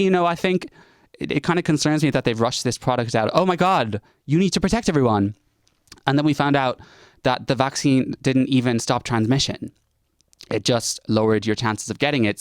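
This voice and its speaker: A young Irish man telling a casual storytime rant to camera, chatty and animated, slipping into mocking impressions. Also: on the low side, clear, resonant tone, dry recording, studio quality. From Ireland. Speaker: vlogger.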